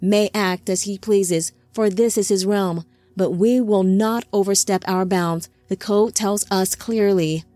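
A woman's voice: medium pitch, steady tone, measured pace, warm tone, no room sound, faint music behind, natural voice. A woman voicing a stern, curt male angelic captain who gives orders.

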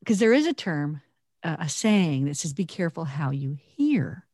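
Lowish woman on a podcast, earnest and thoughtful, dry mic. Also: very animated, normal speed, darkish tone, no room sound. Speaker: podcast co-host. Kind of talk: conversational podcast talk.

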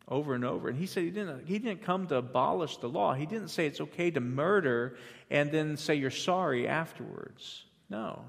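A man preaching a sermon to a congregation, moving from quiet teaching to loud, emphatic passages with frequent restarts. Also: a little high, gravelly, big-room sound. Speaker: pastor.

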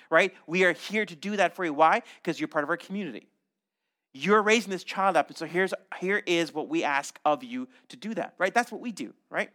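High, bright-voiced pastor preaching. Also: male voice, fairly quick. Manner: animated, conversational, frequent "right?" asides and joking. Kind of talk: sermon. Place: church.

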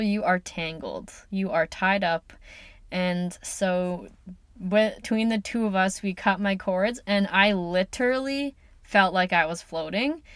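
A woman's voice: mid-range voice, fairly bright tone, smooth, dry recording. Chatty woman podcast host, dry sound. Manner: chatty and upbeat, with frequent "like" and "um". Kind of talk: casual solo podcast talk.

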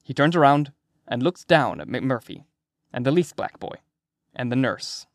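A man narrating an audiobook in the first person, with steady storytelling and vivid emphasis. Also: medium pitch, normal speed, no room sound, studio quality.

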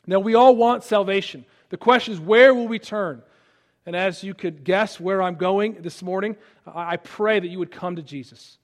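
A man in his thirties preaching a sermon, dropping to a hushed voice in personal stories and rising to loud peaks. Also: high-pitched, moderate pace. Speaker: pastor.

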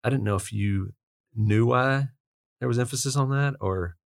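A man's voice: medium pitch, moderate pace, creaky, dry recording, studio quality. A man co-hosting a podcast, casually asking his co-host questions about a book. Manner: curious, asks questions, laughs easily.

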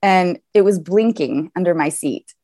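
Laughing, animated woman telling stories. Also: fairly low pitch, unhurried, no room sound, studio quality. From American South. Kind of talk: casual chat, storytelling.

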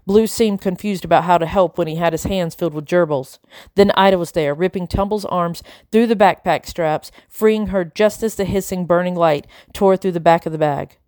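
A woman reads a chapter book aloud in an even, steady narrating voice. Her voice sits on the lower side for a woman. The recording is close and dry, with no room sound. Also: moderate pace, no echo. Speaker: audiobook narrator. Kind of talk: storybook narration.

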